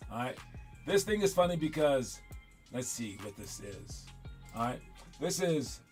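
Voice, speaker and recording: This male podcast host offers rambling, casual commentary over faint music, stuttering, repeating words and wandering off mid-thought. His mid-range voice swings widely in pitch at an unhurried pace.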